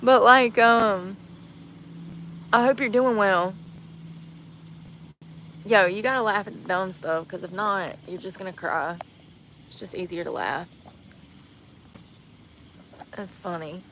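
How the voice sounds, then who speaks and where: A woman's voice: medium pitch, slow, long pauses, a bit bright, a little hiss or hum. A woman livestreaming outdoors on the street, chatting casually and rambling to her viewers.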